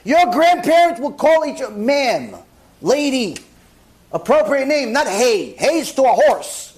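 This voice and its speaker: A man, a rabbi, giving a lively sermon and acting out little scenes with mock dialogue. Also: very high-pitched, measured pace. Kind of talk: sermon lecture.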